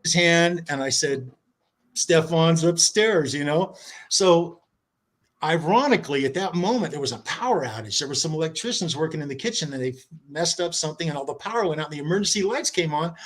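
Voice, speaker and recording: A man with a slightly raised voice spins a long story in casual chat, bouncing between loud excitement and hushed asides. He acts out what others said and talks over a video call. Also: fairly high pitch, fast. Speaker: podcast guest.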